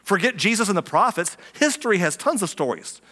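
A man preaching a sermon in a relaxed, conversational way, acting out little quoted reactions as he explains a passage. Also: high-pitched, brisk. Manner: conversational, animated, acts out quotes. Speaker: pastor. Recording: long reverb of a hall.

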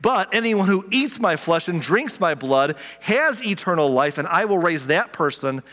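A male pastor delivering a sermon with a fairly high, very lively voice. He keeps it conversational and humorous, slipping into quick impressions of the people he quotes. The sound carries the long reverb of a large hall.

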